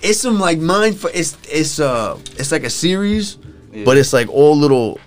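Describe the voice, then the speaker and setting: A man's voice: a little high, animated, normal speed. Young man retelling a show, profane and loose. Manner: loose, profane storytelling full of fillers. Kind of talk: casual chat.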